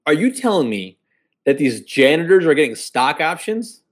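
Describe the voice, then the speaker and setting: A man's voice: on the high side, very animated, normal speed. Casual swearing Texan guy. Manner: loose, swears a lot, laughs often. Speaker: podcast co-host. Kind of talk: casual chat.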